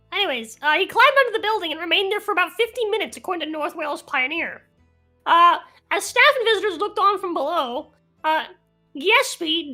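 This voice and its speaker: A woman's voice: very high-pitched, bright, forceful tone. A woman co-hosting a podcast, playfully reading news stories aloud with small stumbles.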